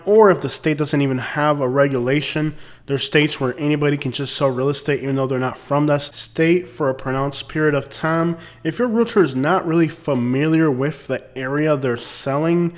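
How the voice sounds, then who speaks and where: A man hosting a comic advice video, talking in a casual, wry, rambling way. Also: fairly high pitch. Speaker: host.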